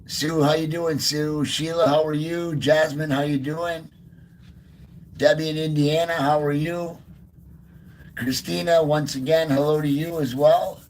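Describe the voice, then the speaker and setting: A man's voice: fairly high pitch, level tone, measured pace, a little hiss or hum. A man hosting a casual live stream outdoors in the cold, greeting viewers by name one after another. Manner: soft baby talk to his dog. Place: outdoors in freezing cold by a river.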